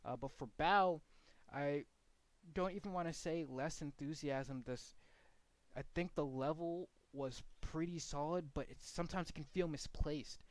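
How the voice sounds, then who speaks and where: A man's voice: fairly high pitch, a little slow, dry recording. Blunt, casual man coaching commentators. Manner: frank, blunt, demonstrates commentary inflection. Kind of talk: casual feedback lesson.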